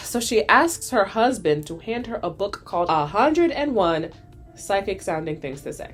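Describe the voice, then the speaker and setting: A woman's voice: on the low side, animated, moderate pace, faint music behind. A young woman hosting a vlog, recapping a cartoon in casual, sassy commentary while doing her makeup. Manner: sassy, chatty, addresses viewers as girl and y'all. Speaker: vlog host.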